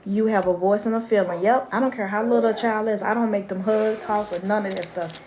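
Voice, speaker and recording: A woman's voice: mid-range voice, steady tone, fairly quick, a little mellow, slight background noise. A middle-aged grandmother hosting a casual parenting live stream from home. She talks bluntly and chattily and keeps breaking off to talk to her grandson.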